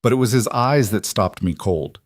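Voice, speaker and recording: A man narrating a romance audiobook in a measured, dramatic manner. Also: fairly low pitch, lively intonation, dry recording, studio quality.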